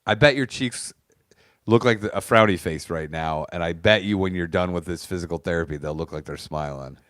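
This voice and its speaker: Loud, joking man with a low voice. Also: brisk, dry recording, studio quality. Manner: crude, joking, loud, acts out quoted voices. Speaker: podcast co-host. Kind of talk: casual chat.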